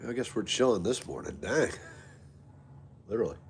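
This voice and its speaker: Low-voiced guy doing a chill live stream, friendly, reading chat, bit of hum in the back. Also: animated, normal speed. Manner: friendly, reads chat aloud and greets viewers. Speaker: livestream host. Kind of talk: casual live chat with viewers.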